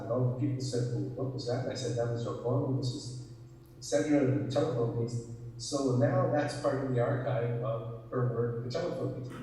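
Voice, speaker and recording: Older man, a guest author, rambling through an unhurried story; sounds far from the mic in a very echoey hall. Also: mid-range voice, mellow, slight background noise. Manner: rambling, unhurried, with frequent restarts. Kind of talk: anecdotal storytelling in conversation. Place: theater stage.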